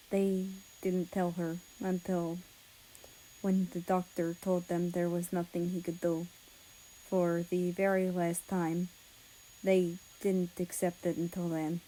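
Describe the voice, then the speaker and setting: A woman reading the part of a grieving young male nurse, speaking softly and haltingly. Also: fairly low pitch, poor audio. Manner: soft, hushed, halting.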